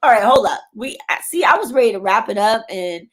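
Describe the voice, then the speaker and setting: A woman's voice: on the high side, animated, a little fast. A woman hosting a podcast, signing off in a loose, rambling way from a studio. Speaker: podcast host. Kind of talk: casual sign-off chat. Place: studio headquarters.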